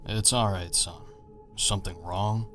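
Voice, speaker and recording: A man voicing a patient older father who speaks calmly and soothingly. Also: sits low, unhurried, faint music behind. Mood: gentle concern. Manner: calm, soothing, concerned. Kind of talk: storytelling narration.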